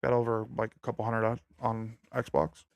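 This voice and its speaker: A man chats about games in a low-key, mumbling way. His voice is gravelly, and the sound is dry and close. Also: monotone, normal speed, dry recording, highs cut off. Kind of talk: casual gaming chat.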